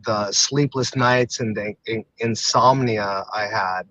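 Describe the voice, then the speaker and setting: Open, halting man telling his story. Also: on the low side, fairly even intonation, pushed and bright, no room sound, low-quality recording. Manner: halting, open, many fillers and restarts. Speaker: podcast guest, retired MMA fighter. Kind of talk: candid personal storytelling.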